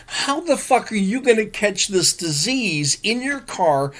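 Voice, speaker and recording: A man's voice: sits high, very animated, unhurried, fairly bright tone. Man ranting with heavy swearing. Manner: profane, ranting. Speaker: podcast co-host. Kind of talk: casual chat.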